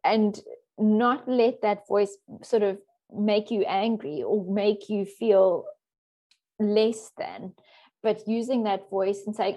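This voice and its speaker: A woman coach talking thoughtfully in an interview, with soft laughs and restarts. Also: medium pitch, slow pace. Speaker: coach for introverted women. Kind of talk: interview guest.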